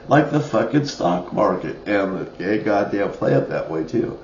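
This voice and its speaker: A man's voice: fairly low pitch, expressive, unhurried, hardly any pauses, darkish tone, a little hiss or hum. Man ranting in a roomy, lo-fi recording. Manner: profane, ranting, with short laughs. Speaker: vlogger. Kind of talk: angry rambling monologue.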